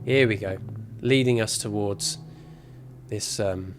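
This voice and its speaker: A man's voice: lowish voice, takes it slowly, a little hiss or hum. Chatty man streaming a game. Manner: chatty and rambling, self-mocking asides. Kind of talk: casual gameplay commentary.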